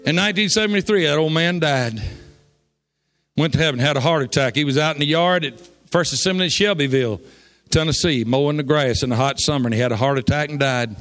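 A man preaching, telling a folksy story that builds to shouts of praise. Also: a little high, quick pace, soft background music. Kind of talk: sermon storytelling. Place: church.

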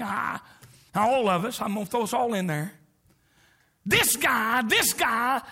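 A middle-aged visiting preacher delivers a sermon, his whoops and shouts dropping to near whispers. His voice is very high-pitched, gravelly and husky.

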